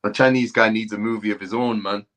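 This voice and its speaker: Laid-back man with a low voice. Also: fairly even intonation, quick pace, a bit bright. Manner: laid-back, with hesitant fillers and easy laughter. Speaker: podcast co-host. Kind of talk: casual movie review chat.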